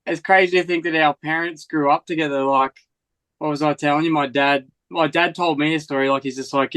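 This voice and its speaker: A man's voice: a little high, fairly even intonation, a little fast, fairly bright tone, no echo, low-quality recording. A man with an Australian accent touched by American speech, chatting loosely as an interview guest and rambling through fillers and restarts. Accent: Australian with some American influence. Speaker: guest, freestyle motocross rider. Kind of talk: casual interview chat.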